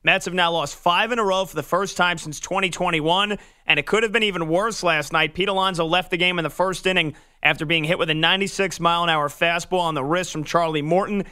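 Bright, crisp male sports anchor. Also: sits high, fairly even intonation. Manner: crisp, brisk newsreader delivery. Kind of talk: sports news update. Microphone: studio microphone.

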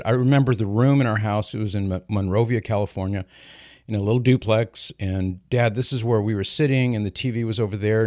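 A man's voice: lowish voice, no echo, clean studio sound. A man in his sixties hosting a call-in radio show, telling stories with energy and explaining answers step by step. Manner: lively storyteller, explains step by step. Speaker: radio host answering callers.

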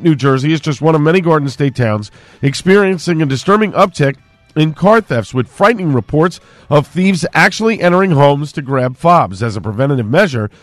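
A male radio newscaster, reading local news, sports and an ad in a brisk, even way. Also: on the high side, no room sound. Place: radio studio.

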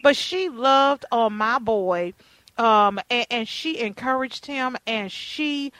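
A woman's voice: on the high side, takes it slowly, no echo, poor audio. A middle-aged woman hosting a radio talk show, telling stories with playful emphasis. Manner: animated storyteller, playful and emphatic. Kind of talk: casual interview chat.

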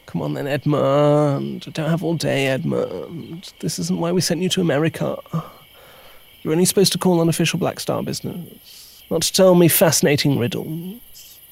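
A man's voice: fairly high pitch, a little slow, creaky, a little mellow, husky, heavily acted. A man voicing his impatient male superior in an audio drama, curt and scolding under his breath. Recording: music playing behind, crickets.

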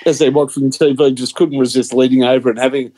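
A man's voice: mid-range voice, little pitch movement, fast, mellow. A man telling a story in casual podcast chat, full of hesitations and restarts. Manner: chatty, hesitant anecdote teller.

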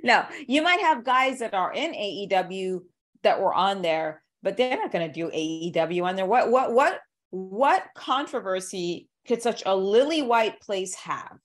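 A woman's voice: medium pitch, animated, measured pace. A woman hosting a podcast, chatting casually in a blunt, profane way and laughing often. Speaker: podcast host. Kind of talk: casual chat.

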